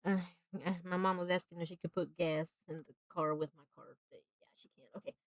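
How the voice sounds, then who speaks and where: A woman live-streams as she draws, rambling through a movie recap with nonstop "like" and sudden laughter. Her lowish voice is flat and quick, and the recording is dry.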